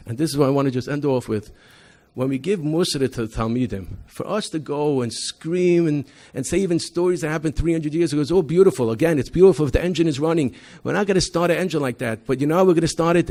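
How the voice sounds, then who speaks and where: Fast-talking, animated rabbi telling stories. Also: male voice, a little high. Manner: animated storytelling, acts out quoted students loudly, frequent restarts. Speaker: rabbi presenting an educational program. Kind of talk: convention talk with stories. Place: convention hall.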